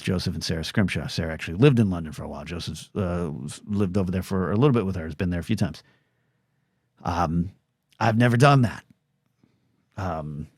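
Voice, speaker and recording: A man's voice: lowish voice, no room sound. Middle-aged guy rambling on his solo podcast, stammers and restarts a lot, dead dry sound. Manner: rambling, self-deprecating, many restarts and stammers; acts out quoted voices in short bursts.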